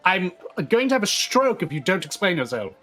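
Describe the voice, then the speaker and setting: A man's voice: sits high, very animated, brisk, a bit bright, faint music behind. A man playing a tabletop game, with a theatrical, exclamatory delivery. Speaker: player.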